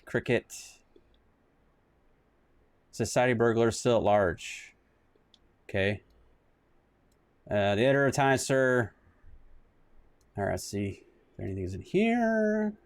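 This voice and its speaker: A man streams a retro detective game with casual let's-play commentary, his mid-range voice expressive and slow with long pauses. He rambles, restarts often, reads bits aloud, jokes at his own expense and lets out sudden exclamations.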